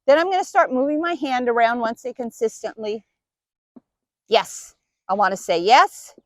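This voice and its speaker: A woman dog trainer gives an instructional demonstration, patiently explaining each step as she cues and praises her dog. Her voice sits on the high side at a moderate pace, in a dry recording.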